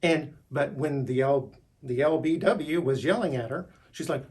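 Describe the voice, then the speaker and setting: A man's voice: a little high, normal speed, creaky, a little mellow. A middle-aged man talking in a rambling, unscripted monologue, restarting words and pushing his voice upward when he gets worked up. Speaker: vlogger.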